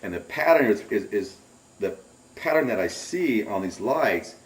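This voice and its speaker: In an interview, a middle-aged man tells his own story, acting out his own alarmed, cursing exclamations. His fairly low voice is expressive and measured, and it is picked up from a distance with a roomy sound.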